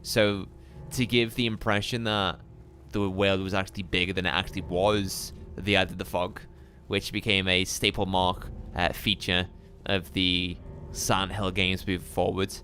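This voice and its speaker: A man streaming a live game playthrough, chatting with viewers in a relaxed, musing way. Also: deep voice, measured pace, few pauses, a little hiss or hum. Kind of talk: live gameplay commentary.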